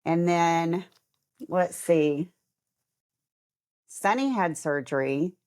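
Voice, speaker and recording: A woman's voice: on the low side, extremely slow. A middle-aged woman co-hosting a podcast, telling personal stories in casual chat and acting out what others said. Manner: animated, acts out quoted voices, laughs often. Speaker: podcast co-host.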